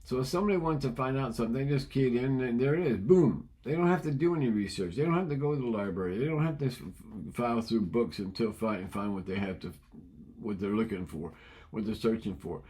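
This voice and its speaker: Indignant older man in his 70s, middle pitch, ranting monologue. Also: quick pace, mellow. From United States. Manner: indignant, ranting, repeats himself. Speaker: vlogger. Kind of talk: opinionated monologue.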